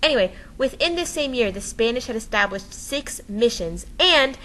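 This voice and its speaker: A woman's voice: a little high, animated, normal speed, pushed and bright, poor audio. Playful, enthusiastic woman teaching history. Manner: playful, enthusiastic, adds dramatic sound effects; explanatory, frequent "um" and "okay?". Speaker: history lesson presenter. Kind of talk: recorded classroom lesson.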